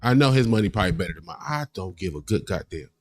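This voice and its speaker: A man hosting a reaction livestream, ranting in casual, profane commentary with lively, heated emphasis. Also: fairly low pitch, quick pace, no room sound, studio quality, soft background music.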